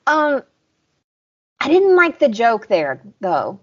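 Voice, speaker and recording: A woman's voice: on the high side, wildly swooping pitch, slow pace, darkish tone, muffled recording. A young woman from the American South co-hosting a podcast, chatting casually and recapping scenes with lots of "like" and "um". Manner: chatty, recaps scenes and acts out quotes with laughs. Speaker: podcast co-host.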